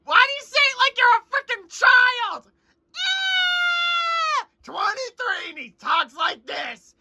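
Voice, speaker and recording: A woman's voice: very high voice, big pitch swings, takes it slowly, shouting, noisy background, exaggerated voice. A woman voicing a shrieky, childish comedy character who whines and panics about snacks and gadgets. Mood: frantic whiny. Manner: screeching, whiny, panicky outbursts.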